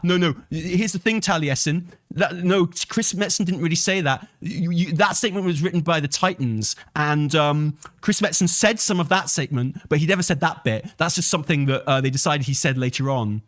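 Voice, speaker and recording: A fired-up man on a live stream talks back to his chat, swearing freely and swinging up into shouts. His pitch sits a bit high and leaps around a lot. The sound is close and dry, with no room echo. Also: animated, a little fast. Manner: profane, heated, argumentative, swings to shouting. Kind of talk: live commentary, reading a post aloud and replying.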